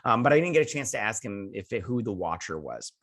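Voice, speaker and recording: A show host recaps a TV episode in a lowish, fast, very animated voice with a fairly bright tone. His review rambles loosely, packed with fillers and restarts, and he sometimes puts on goofy voices for quotes.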